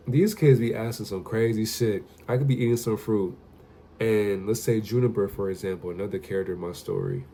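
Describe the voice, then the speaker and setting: Laid-back young man with a mellow voice. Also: lowish voice. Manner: loose, profane, conversational storytelling. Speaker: vlogger. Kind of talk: casual storytelling to camera.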